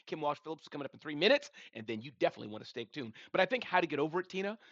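A man's voice: fairly high pitch, a bit bright, no room sound, muffled recording. A man in his forties hosting a live audio room, talking animatedly and saying the listener's name again and again. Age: 40s. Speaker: show host.

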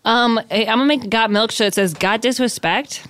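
A woman's voice: on the high side, a little fast, fairly bright tone, no room sound. A woman guesting on an improvised comedy podcast, rambling goofily and dropping into silly voices.

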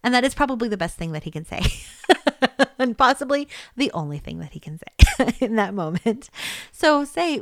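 A woman's voice: medium pitch, big pitch swings, brisk, no echo, clean studio sound. A woman giving spoken advice on handling upset colleagues, conversational and easygoing, often checking in with "okay?" and "right?" and laughing lightly.

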